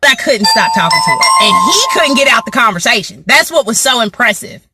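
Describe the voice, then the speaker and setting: A woman vlogger telling a story to her viewers in a casual, slangy, animated way. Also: on the high side, fairly quick, music in the background. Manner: animated, slangy, talks straight to the audience.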